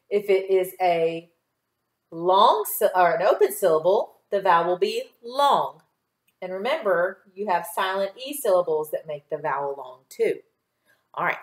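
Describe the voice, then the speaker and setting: A woman teaching a recorded phonics lesson to children, patient and encouraging, stretching words out slowly and clearly as she models them. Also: fairly low pitch. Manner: slow, clear enunciation with drawn-out model words. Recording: echoey room.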